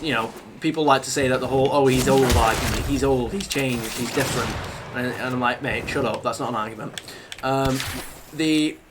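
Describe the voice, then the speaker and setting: A young man streaming a game, chatting casually in a rambling, halting way. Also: mid-range voice. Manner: rambling, halting, talks over gameplay. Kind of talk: casual gaming stream chat. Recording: noisy background.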